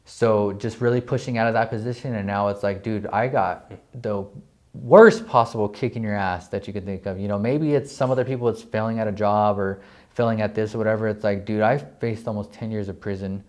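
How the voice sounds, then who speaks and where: A young man from New Mexico, a real estate agent, telling his story in a casual interview, excited and profane, filling his talk with "like". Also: fairly low pitch, a little fast. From New Mexico, USA. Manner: excited, profane, heavy use of "like".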